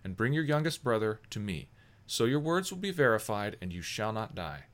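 A man's voice: on the low side, big pitch swings, moderate pace, fairly bright tone. A man voicing Joseph, a stern adult governor, speaking solemnly and accusingly in a scripture reading.

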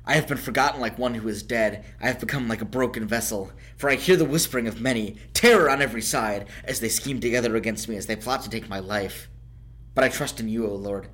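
A man reading psalms aloud in a measured, solemn way, rising on the lines of praise. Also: medium pitch, a bit bright. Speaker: scripture reader. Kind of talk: scripted scripture reading.

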